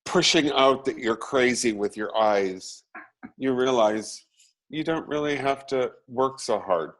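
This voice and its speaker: A man, an actor as a guest, chatting casually and telling animated, self-deprecating stories. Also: medium pitch, a little slow. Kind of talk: casual chat.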